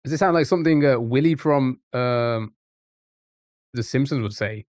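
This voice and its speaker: A man's voice: mid-range voice, moderate pace, darkish tone, no room sound, studio quality. Rambling, chatty male streamer. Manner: rambling, chatty, trips over words. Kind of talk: casual live-stream chat.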